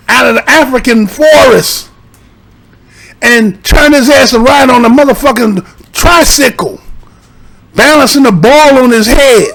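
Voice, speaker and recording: A man's voice: extremely high pitch, vocal fry, a bit bright. A man giving casual, profane vlog commentary, rambling and argumentative, leaning on rhetorical tags like "right?" and "you understand?". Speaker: YouTube commentator.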